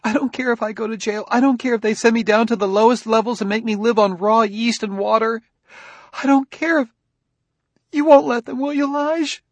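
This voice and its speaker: A man reading a story, voicing a frightened wife who pleads through tears in a high, strained voice. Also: steady tone, moderate pace, no echo. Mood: distraught pleading. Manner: tearful, pleading. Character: sobbing frightened wife, desperate.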